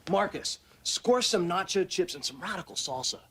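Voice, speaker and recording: A dopey young surfer-dude stickup man with an over-the-top California surfer accent. He talks in a high voice with a mock-polite, laid-back drawl that slides into a threat. It comes from a film clip. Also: expressive, normal speed, fairly bright tone, breathy edge, heavily acted. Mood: cocky. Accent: cartoonish California surfer accent. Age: young adult. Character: dim young male surfer-dude robber.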